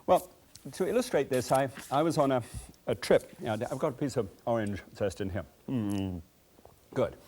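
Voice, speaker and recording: In a TV kitchen set, a man hosts a cooking show, chatting with enthusiasm and spinning folksy anecdotes. His voice is medium in pitch and darkish in tone, and he speaks at a moderate pace.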